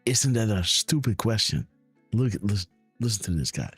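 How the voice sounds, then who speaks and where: Give me an excitable, mocking stream host reacting to a clip, with a lively, jumpy voice. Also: male voice, on the low side, moderate pace, husky, no room sound, soft background music. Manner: excitable, mocking, laughs often. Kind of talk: live stream reaction commentary.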